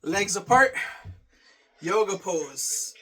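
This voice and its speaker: A man's voice: high voice, expressive, very slow, a bit bright, slightly rough, recorded from a distance. A man talking casually through his day and a workout, repeating phrases and swearing offhand. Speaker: vlogger.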